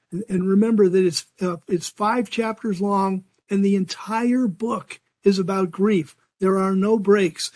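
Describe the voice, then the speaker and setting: An older man with a fairly high voice teaches a Bible lesson to a group. He speaks earnestly and conversationally, often restarting his sentences. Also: a little mellow.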